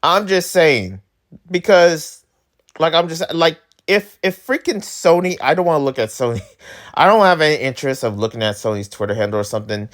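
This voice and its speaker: A man's voice: on the high side, animated, normal speed. Guy ranting at his channel, rambly, exasperated, tons of likes and you knows. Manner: rambling, exasperated, lots of filler words. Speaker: channel host. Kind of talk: casual rant to camera.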